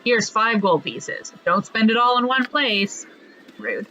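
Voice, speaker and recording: A woman's voice: a little high, big pitch swings, takes it slowly, bright, forceful tone, slight background noise. A woman giving casual gameplay commentary, chatty and jokey, laughing often as she plays. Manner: chatty, laughs often, jokes about the game. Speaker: let's play gamer. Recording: slightly muffled lo-fi audio.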